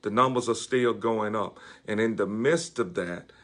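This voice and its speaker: A man's voice: lowish voice, measured pace. A man, serving as a bishop and delivering a devotional sermon, speaking with many fillers and repeating key phrases for emphasis.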